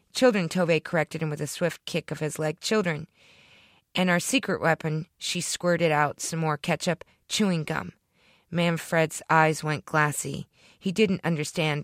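A woman reading her own short story aloud in a deadpan storytelling manner, close to the microphone. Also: low voice, no echo. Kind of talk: fiction reading.

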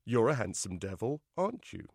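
A man's voice: mid-range voice, very animated, fairly quick, creaky, darkish tone, dry recording, clean studio sound. A man voicing a frail, earnest young man in his twenties. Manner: earnest, eager.

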